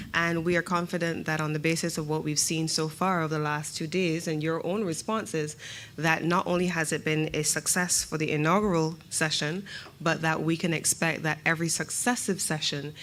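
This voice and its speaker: A middle-aged woman from Barbados with a Barbadian accent, speaking as a government minister in a measured, emphatic formal speech. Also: low-pitched, fairly bright tone, slight background noise. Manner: measured, emphatic, rhetorical questions.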